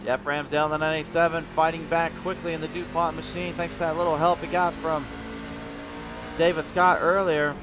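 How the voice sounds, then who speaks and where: Guy from iowa calling an online truck race, fairly high voice, chatty, gets loud on the big moments. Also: brisk, background noise. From Iowa, USA. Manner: chatty, reads viewer chat aloud, rises to excited calls. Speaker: race commentator. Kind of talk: sim racing play-by-play commentary.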